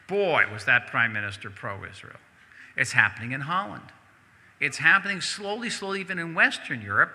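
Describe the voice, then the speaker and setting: Male diplomat, bright, slightly raised voice, emphatic Q&A delivery, reverberant hall. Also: on the high side. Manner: emphatic, repeats words, conversational asides. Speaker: diplomat speaking at a synagogue event. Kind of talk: public Q&A answer. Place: synagogue hall.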